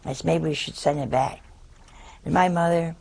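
An older woman telling a personal story in a slow, wry, deliberate way. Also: sits low, fairly even intonation, gravelly, darkish tone.

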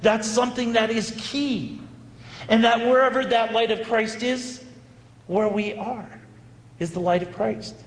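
A male priest preaches, spinning a story with lively, dramatic pauses. His fairly high voice rings out through a big hall, with a long, echoing reverb trailing behind each phrase. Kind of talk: sermon storytelling.

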